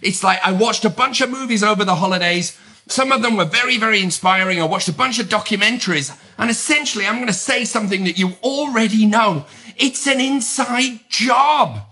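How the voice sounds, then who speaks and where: A middle-aged British man speaks in a high, bright, ringing voice. He hosts a podcast and talks with energy and strong emphasis. His tone stays upbeat. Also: fast talker. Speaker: podcast host. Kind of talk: motivational podcast monologue.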